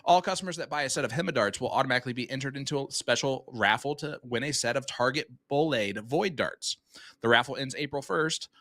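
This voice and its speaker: Fast, bright-voiced darts commentator. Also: male voice, mid-range voice. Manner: upbeat, chatty, reads promos quickly. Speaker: darts commentator and stream host. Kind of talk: live darts commentary with sponsor reads.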